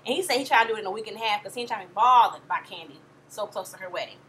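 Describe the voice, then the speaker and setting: A woman's voice: mid-range voice, very fast, fairly bright tone, a little hiss or hum. A young woman giving a sassy, blunt, profane vlog review of a reality show, sounding tired. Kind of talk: casual vlog commentary.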